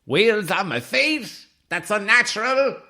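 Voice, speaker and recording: A man doing a squeaky, scandalised woman. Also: very animated, takes it slowly, sharp tone, full character voice. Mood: indignant. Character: indignant young woman friend, squeaky and prim.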